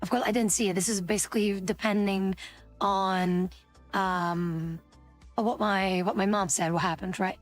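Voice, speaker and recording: A woman's voice: mid-range voice, fairly even intonation, measured pace. A woman streamer casually telling a story to her chat, rambling with many fillers and restarts, with faint music behind her.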